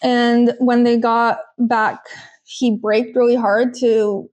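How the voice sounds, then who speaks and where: Woman, podcast host, casual recap chat, animated storytelling, slightly high voice. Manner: animated storytelling with quick quoted voices and laughs. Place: home kitchen.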